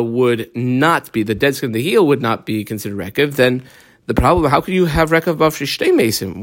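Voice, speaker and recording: A man teaching a Talmud lesson, reading Aramaic phrases and explaining them in English with many pauses and fillers. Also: medium pitch.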